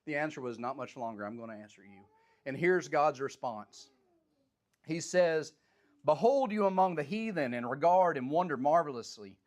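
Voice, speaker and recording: A man's voice: a little high, normal speed. A man teaching a Bible study, reading scripture aloud and then paraphrasing it in plain, everyday speech. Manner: animated, voices the prophet's complaints with rising intensity.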